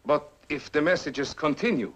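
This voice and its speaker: A man's voice: fairly high pitch, normal speed, fairly bright tone, lightly acted. A man playing an anxious, deferential Soviet radio operator in a 1950s film. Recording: muffled old film soundtrack with hiss.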